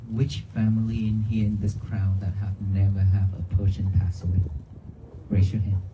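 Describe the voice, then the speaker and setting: A monk giving a calm, repetitive dharma talk outdoors at a cemetery, often asking the crowd questions. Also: male voice, lowish voice, normal speed, dull audio. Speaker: Buddhist monk. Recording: noisy outdoor livestream.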